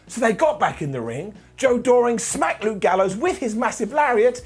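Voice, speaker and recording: A man's voice: sing-song, a little fast, few pauses. A man who has lost his voice, reviewing a wrestling show in a jokey, theatrical way. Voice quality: husky. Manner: theatrical, jokey, big swings in pitch. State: hoarse, lost voice. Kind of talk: animated review monologue.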